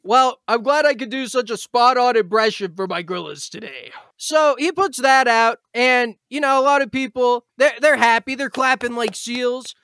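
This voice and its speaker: Man, very high voice, podcast host, ironic mock-serious banter, shouty outbursts, dry close sound. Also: normal speed, few pauses, smooth, no room sound. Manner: mock-serious, bursts into shouting and squealing mockery.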